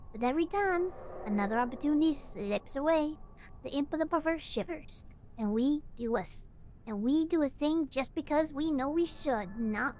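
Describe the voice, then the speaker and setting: A woman's voice: high voice, darkish tone, slight background noise, pitched below the performer's own voice, close to an everyday voice. A woman reading as a grave cult leader. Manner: slow, grave, preaching delivery. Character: solemn cult leader giving a farewell sermon. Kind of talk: reading game text aloud.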